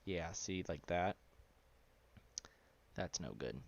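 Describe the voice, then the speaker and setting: A man talking loosely through a live-streamed software tutorial, with lots of fillers and asides. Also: deep voice, lively intonation, takes it slowly, gravelly. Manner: loose and rambling, with many fillers. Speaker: live streamer teaching 3D simulation. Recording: dull, lo-fi sound.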